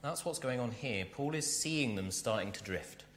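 A man preaching a sermon, animated and speaking directly to his congregation in a church. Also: medium pitch, normal speed, long reverb tail, slight background noise. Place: church hall.

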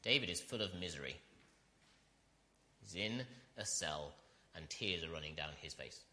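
A man's voice: sits low, expressive, normal speed, bright, forceful tone. A man preaching an earnest sermon, reading scripture and building to emphatic repetition.

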